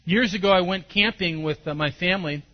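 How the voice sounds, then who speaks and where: A man preaching a sermon as a pastor, telling his story with animation and sudden loud bursts. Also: high-pitched, fairly quick. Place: church service. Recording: dull lo-fi sermon recording.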